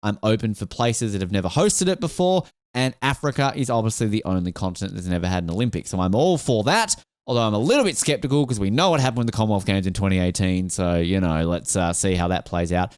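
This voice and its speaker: Lively man, dry close mic. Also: fairly low pitch, fast talker, hardly any pauses, clear, resonant tone, dry recording. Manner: animated, jokey, slips into silly quoted voices. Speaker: podcast co-host. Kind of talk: casual podcast chat.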